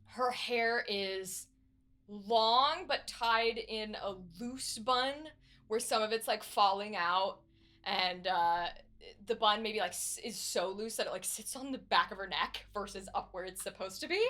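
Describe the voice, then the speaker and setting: Casting: woman game master, slow, casual narration, bright tone. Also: medium pitch. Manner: casual, descriptive, filler-heavy.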